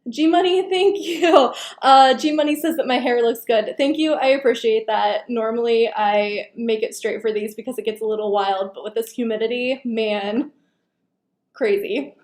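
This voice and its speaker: A woman hosts a casual live Q&A and chats with viewers by name. Her slightly high voice is going hoarse. It is recorded on a computer microphone in an echoey room. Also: steady tone, moderate pace, darkish tone. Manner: chatty, greets viewers by name. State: losing her voice. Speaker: live stream host.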